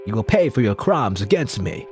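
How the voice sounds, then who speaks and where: A vengeful Western gunman, voiced by a man delivers slow, grandiose threats with theatrical flair. Music plays clearly behind. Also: on the low side, big pitch swings, a little mellow. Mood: menacing.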